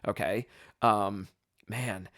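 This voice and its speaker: A man hosting a podcast, telling a personal story in an animated, self-deprecating way, with plenty of ums and restarts. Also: lowish voice, very slow, vocal fry, no room sound, studio quality. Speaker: podcast host.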